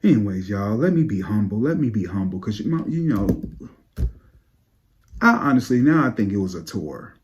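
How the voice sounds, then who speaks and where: A man's voice: big pitch swings, normal speed, a little mellow, slight background noise. Sassy man ranting in gossip mode. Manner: sassy, profane, swings from low mutters to high exclaims. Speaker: psychic tarot channel host. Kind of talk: ranting gossip commentary to viewers.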